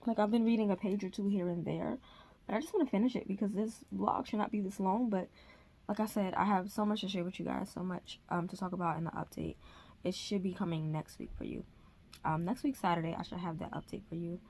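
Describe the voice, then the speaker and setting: A woman's voice: mid-range voice, steady tone, fast talker, mellow, husky. A woman chatting casually to her camera at home for a reading vlog, rambling with many fillers. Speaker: reading vlogger.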